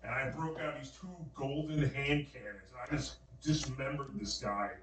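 Casting: man, casual slangy storyteller, mid pitch, roomy distant mic. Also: brisk, few pauses. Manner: animated, slangy dream retelling with many fillers. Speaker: podcast guest.

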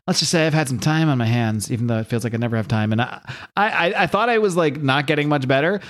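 A man's voice: mid-range voice, lively intonation, fast talker, fairly bright tone. Casual male comic podcast host. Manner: recaps the story casually, acting out character lines lightly. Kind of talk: casual chat, reading a comic aloud.

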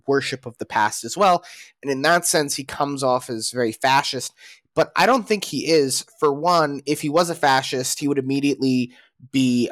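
A man's voice: medium pitch, no echo, clean studio sound. A man co-hosting a casual podcast, talking through opinions in a rambling way with frequent restarts and fillers. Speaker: podcast co-host.

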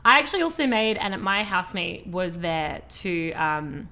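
Bright-voiced woman telling stories. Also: fairly low pitch, very animated, moderate pace. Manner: enthusiastic storyteller, acts out quotes, laughs. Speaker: podcast co-host. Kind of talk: casual chat.

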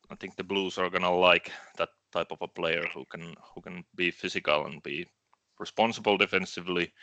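A man explaining his picks as a guest on a podcast, in measured, casual talk. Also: sits low, vocal fry, pushed and bright, no echo. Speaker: draft analyst guest.

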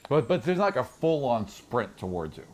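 A man's voice: medium pitch, very animated, brisk, a crowd in the background. A man narrating as game master in a chatty, self-correcting way, with frequent laughs.

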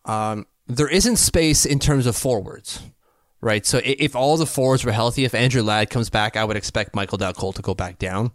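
A man from Canada in his thirties, co-hosting a casual sports podcast from his basement, chatty and analytical and quick to laugh. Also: medium pitch, dry recording, clean studio sound. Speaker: podcast co-host. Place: home basement.

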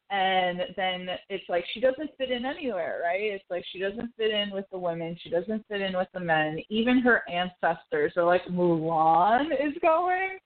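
A woman in casual chat, talking animatedly and emotionally, laughing often and acting out lines. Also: mid-range voice. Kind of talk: casual chat about a film. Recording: tinny phone-like sound.

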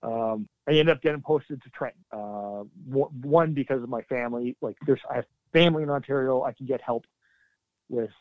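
A middle-aged man, a military veteran, telling his story in an earnest, halting way with sudden emphatic bursts. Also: mid-range voice, no room sound. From Canada. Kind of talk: candid interview storytelling. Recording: dry, tinny phone-like line.

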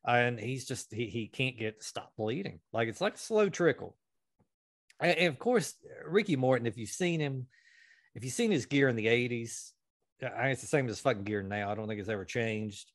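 A man hosting a podcast, telling a long, profane story with lively energy. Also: mid-range voice, no echo, studio quality. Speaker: podcast host. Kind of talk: casual storytelling chat.

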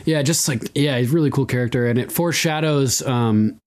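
A man casually recapping a TV episode on a podcast, with loose, profane asides, laughs, and quick acted-out quotes. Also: medium pitch, a little mellow. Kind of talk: casual chat.

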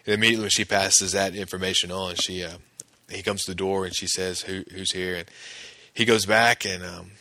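A man's voice: sits low, fairly even intonation, a little fast, vocal fry, bright, forceful tone, dry recording. A man casually recapping a TV episode scene by scene, with plenty of fillers and restarts. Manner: conversational, many fillers and restarts. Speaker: podcast host recapping an episode.

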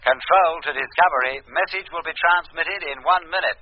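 A cold mission control voice over radio. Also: male voice, a little high, fairly quick. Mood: cold formal. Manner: stiff, formal, dictated radio messages. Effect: radio transmission. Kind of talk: 1950s radio drama acting. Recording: tinny radio line in a long hall.

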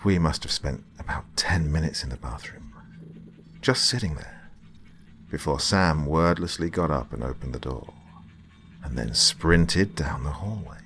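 A man reading a scripted horror story in a slow, hushed, dramatic manner. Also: rumbling low, expressive. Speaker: narrator.

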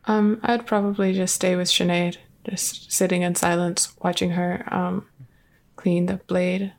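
A woman playing a tabletop game, answering in a soft, measured, slightly hesitant way. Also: on the low side, level tone. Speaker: player. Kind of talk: tabletop role-play.

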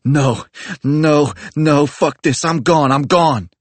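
A man's voice: a little high, slow pace, no room sound, voice pushed up. A man voicing a panicking young male getaway driver who screams in frantic bursts. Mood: panicked.

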